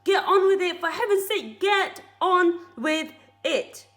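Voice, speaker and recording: A woman voicing an excited, bossy male monkey father who shouts urgent orders at everyone. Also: sits high, a little slow, pitched above the performer's own voice, exaggerated voice. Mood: frantic shouting.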